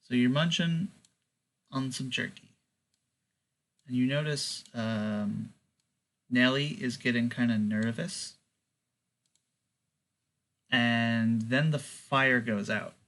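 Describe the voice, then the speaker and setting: Male game master, unhurried and halting, mid-pitched narration. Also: a bit bright. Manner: slow, halting narration with many fillers.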